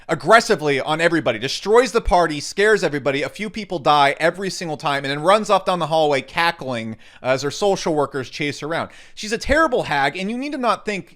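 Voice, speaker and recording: A young man ranting to camera in a brash, mocking way, jumping between loud outbursts and low mutters. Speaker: crypto YouTuber. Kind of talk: sarcastic rant to camera.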